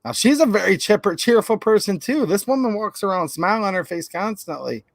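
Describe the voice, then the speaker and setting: A man's voice: high-pitched, lively intonation, a little fast, creaky, no echo. A man hosting a livestream, telling rambling stories and chatting with viewers. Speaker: channel host. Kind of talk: livestream commentary.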